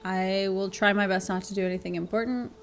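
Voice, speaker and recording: A woman's voice: mid-range voice, steady tone, brisk, faint music behind. A woman streaming a game live, chatty and giggly, talking to her viewers and swearing now and then. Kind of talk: casual chat while gaming on stream.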